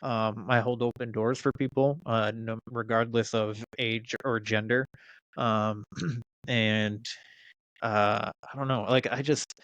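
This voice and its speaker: A man's voice: medium pitch, fairly even intonation, slow pace, a bit bright, no room sound, dull audio. A man in his thirties telling a story in casual chat, swearing freely and restarting his sentences with many fillers. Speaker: podcast guest.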